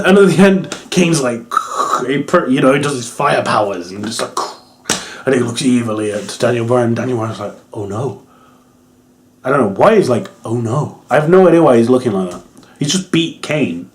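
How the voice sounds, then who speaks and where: Animated young man rambling wrestling review. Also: mid-range voice. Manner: rambling, amused, swears, frequent ums. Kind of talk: casual video review.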